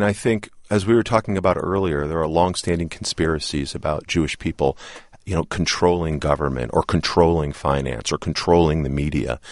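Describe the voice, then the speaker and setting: Very deep-voiced man, earnest guest. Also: no room sound, studio quality. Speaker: interview guest. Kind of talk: measured interview answers.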